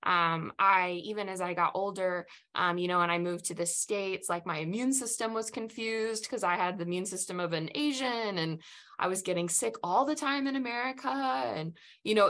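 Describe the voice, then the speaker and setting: As a guest on a podcast, a woman who grew up in Southeast Asia reflects earnestly on her personal faith story. She speaks in a fairly bright, mid-range voice, often stopping and starting over.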